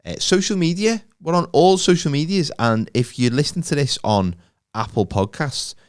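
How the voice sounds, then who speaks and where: A man's voice: a little high, moderate pace, clean tone. A man co-hosting a podcast, joking and rambling in casual banter. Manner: jokey, animated, rambling. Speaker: podcast co-host.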